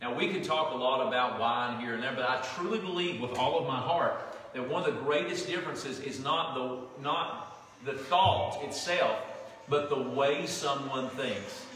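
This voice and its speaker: A man's voice: medium pitch, moderate pace, a bit bright, distant mic. Southern preacher man in an echoey hall. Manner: folksy, conversational preaching with restarts. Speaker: pastor. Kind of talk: sermon. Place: church sanctuary.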